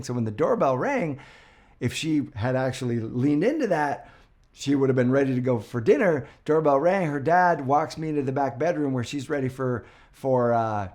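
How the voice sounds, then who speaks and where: Animated man giving dating advice. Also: mid-range voice. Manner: conversational and animated, acts out quotes, frequent "right?". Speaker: dating coach. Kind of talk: direct-to-camera relationship advice.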